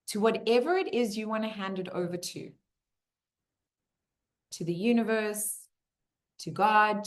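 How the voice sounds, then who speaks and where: A woman hosting a community Q&A, talking to a live group in an animated, playful way. She keeps checking in with her listeners and turns soft and slow for reflective moments. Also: on the low side. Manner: drops to a soft, slow, hushed voice for reflective passages. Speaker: community Q&A host, personal growth speaker.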